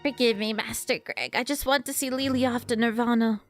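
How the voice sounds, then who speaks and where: A woman voicing an old female sea shaman from a video game, using a lowered, earnest voice. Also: fairly even intonation, fairly quick, soft background music, close to an everyday voice.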